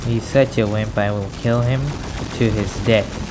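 A man giving excitable commentary over his own gameplay, cheering at kills and muttering asides between rounds. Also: lowish voice, unhurried, noisy background. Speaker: gaming YouTuber. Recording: game music behind voice.

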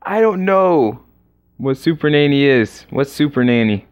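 A man's voice: medium pitch, unhurried. A man giving let's-play commentary while gaming, groaning in mock exasperation. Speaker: gamer. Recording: lo-fi muffled recording.

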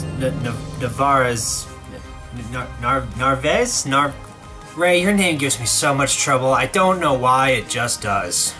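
A man's voice: mid-range voice, bright, forceful tone. A young man narrating a scripted comedic video review, sarcastic, with exaggerated outbursts.

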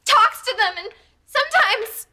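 A woman's voice: very high-pitched, animated, measured pace. An actress playing a chatty, giggly teenage girl in a sitcom. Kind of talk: sitcom acting. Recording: studio audience laughter and noise.

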